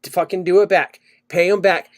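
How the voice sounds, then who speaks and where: Talking a little fast in a high voice, a man co-hosts a casual podcast full of swearing. He rants and tells stories in an animated way.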